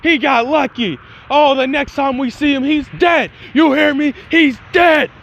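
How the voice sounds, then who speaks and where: A man voicing a brash, hot-tempered teenage boy hero who curses and shouts threats. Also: sits high, lively intonation, normal speed, muffled recording. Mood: furious. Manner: cursing, shouting, boastful.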